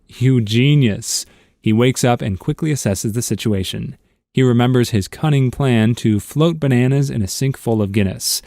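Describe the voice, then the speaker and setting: A man reading internet stories aloud as scripted narration, with a steady storytelling delivery. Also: mid-range voice, no echo, studio quality.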